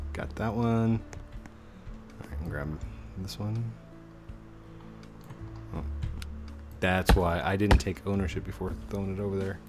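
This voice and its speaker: Low-voiced man chatting over gameplay. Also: steady tone, slow pace, long pauses, over music. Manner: jokey, laughs often, explains steps as he plays. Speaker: gaming channel host. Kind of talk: casual gameplay chat.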